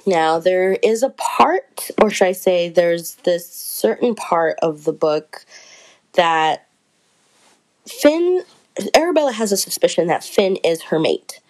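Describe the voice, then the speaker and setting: A woman's voice: lowish voice, very animated, slow, a little mellow, low-quality recording. A woman chatting casually through a book review, rambling and correcting herself as she goes.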